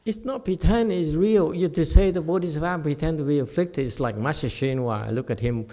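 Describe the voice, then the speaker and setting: This lecture has him a little high and fairly quick as he talks through Buddhist teachings in a temple hall. He stays lively, tossing chuckling asides to the people listening.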